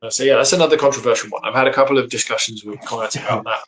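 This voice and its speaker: A man's voice: medium pitch, steady tone, racing, a bit bright, slight background noise, rough recording. Earnest man explaining dog training. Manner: earnest, explanatory, lots of agreeing 'yep'. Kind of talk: casual conversation. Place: home office.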